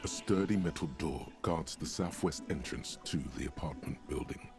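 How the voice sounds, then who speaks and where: A man voicing the narrator of a video game, delivering scripted descriptive narration in a measured, gravelly voice. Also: rumbling low, music in the background.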